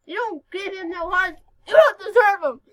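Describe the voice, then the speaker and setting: Very high, giggly female voice. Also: normal speed, poor audio. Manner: giggly and excitable, with sudden loud outbursts. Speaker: gaming video host. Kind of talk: casual gameplay commentary.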